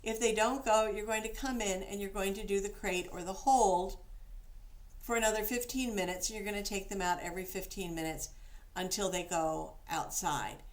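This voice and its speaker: A woman's voice: medium pitch, fairly even intonation, normal speed. A woman dog trainer giving casual, practical instructions, now and then acting out the praise she gives a dog.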